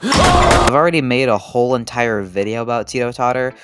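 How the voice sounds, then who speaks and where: A man's voice: medium pitch, wildly swooping pitch, brisk, very noisy. A man narrating a casual video essay, swearing often and stumbling over repeated restarts. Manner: profane, rambling, stammering restarts.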